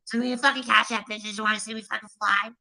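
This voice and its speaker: A woman's voice: medium pitch, flat delivery, fast, vocal fry, bright, forceful tone, slight background noise, poor audio. A woman doing a mocking impression of a spiteful, foul-mouthed, bragging female streamer. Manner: crude, swearing constantly, taunting.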